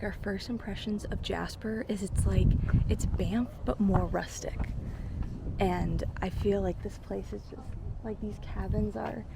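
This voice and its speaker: A woman travel vlogger gushing excitedly and saying "like" a lot, filmed outdoors at a lakeside lodge on a handheld camera. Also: mid-range voice, creaky. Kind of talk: casual travel vlog. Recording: noisy outdoor ambience.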